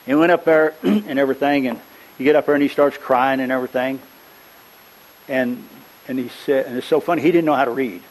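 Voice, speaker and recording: An older man preaching a sermon in a rambling, conversational way. He tells folksy stories and often stops to clear his throat. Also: medium pitch, fairly even intonation, a little fast, rough recording.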